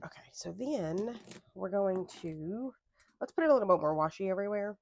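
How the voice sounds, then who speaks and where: A woman's voice: medium pitch, expressive, normal speed, darkish tone, no room sound. A young adult woman chatting casually at a home craft desk, rambling into tangents and correcting herself as she goes. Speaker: planner vlogger. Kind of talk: casual chat while crafting.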